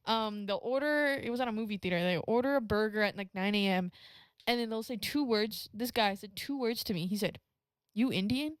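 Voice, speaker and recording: A woman's voice: medium pitch, fairly quick, clear, resonant tone, no echo. A young woman, a podcast guest, talking casually and hesitantly with many fillers. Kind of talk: casual chat.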